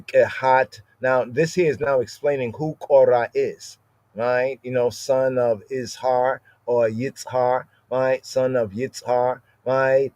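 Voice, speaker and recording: Man, bible study teacher, slow deliberate delivery, dry close sound, keeps asking "right?". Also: mid-range voice, darkish tone, no echo, highs cut off. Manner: repetitive, asks "right?" constantly, spells out words. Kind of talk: informal scripture lesson.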